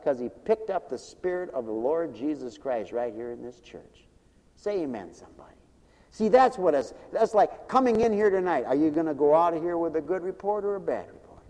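A man preaching a sermon in a church, swinging from loud to hushed. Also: on the high side, lively intonation, brisk, big-room sound. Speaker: pastor.

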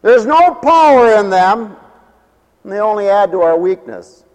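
A man preaching a sermon, swinging between raised declarations and low, quiet asides, sometimes acting out what people say. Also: big pitch swings, unhurried, big-room sound. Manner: mimics people in dialogue.

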